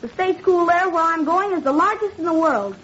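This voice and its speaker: A woman's voice: very high-pitched, animated, fairly quick, a bit bright. A woman playing a proud, bossy boy bound for a Nazi school, who talks in a haughty, commanding manner in 1940s radio acting. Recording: dull 1940s radio broadcast, faint hiss.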